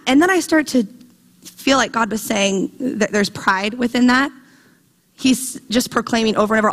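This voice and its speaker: A woman in her thirties preaching a conversational, animated sermon, telling stories from her week. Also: a little high, normal speed. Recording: long hall reverb.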